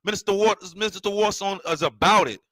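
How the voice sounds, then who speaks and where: A man's voice: high voice, fast talker, sharp tone, no room sound, rough recording. A man hosting a livestream, ranting confrontationally and repeating himself. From New York City. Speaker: online show host. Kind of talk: heated livestream rant.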